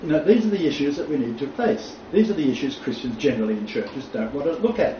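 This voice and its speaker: A man teaches a Bible class as an informal lecture, blunt and joking and laughing often. His medium-pitched voice is animated and fast, recorded from far off in an echoey room with a dull sound and faint noise.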